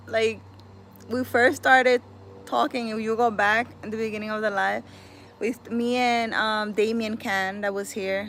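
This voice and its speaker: A woman's voice: mid-range voice, a bit bright, slight background noise. A woman chatting casually on a livestream as a spiritual healer, laughing often and slipping in Spanish exclamations.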